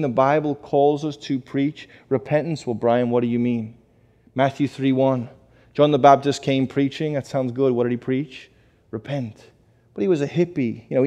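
Emphatic male preacher, dark voice. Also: medium pitch. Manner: emphatic rhetorical preaching with questions to the congregation. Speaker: pastor. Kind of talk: sermon.

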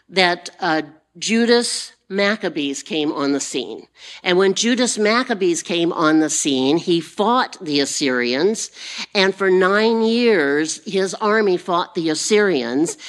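A woman with a low voice preaches a sermon at a slow, deliberate pace. She repeats herself and leans on fillers as she works through her point. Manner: unhurried, repetitive preaching with fillers.

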